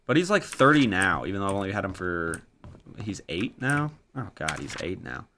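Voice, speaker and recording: A man's voice: low-pitched, very animated, normal speed, pushed and bright, a little hiss or hum. A man in his twenties chatting casually while streaming a game, rambling and swearing offhandedly. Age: 20s. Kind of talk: casual live-stream gaming chat.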